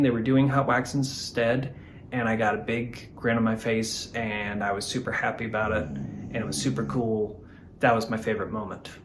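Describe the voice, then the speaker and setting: Man guest fan, rambling with pauses, mid-pitched, faint noise behind. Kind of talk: casual chat review.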